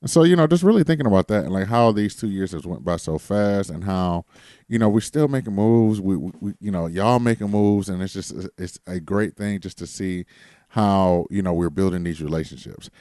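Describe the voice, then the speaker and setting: Deep-voiced laid-back man podcaster. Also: moderate pace, dark tone, no echo, clean studio sound. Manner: loose, rambling, self-described bass voice. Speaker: podcast co-host. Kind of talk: casual chat.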